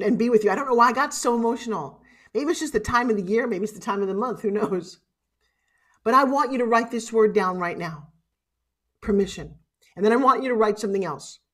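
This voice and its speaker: A middle-aged woman giving a heartfelt motivational keynote speech, urging her audience and tearful at times. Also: mid-range voice. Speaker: motivational speaker. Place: conference stage.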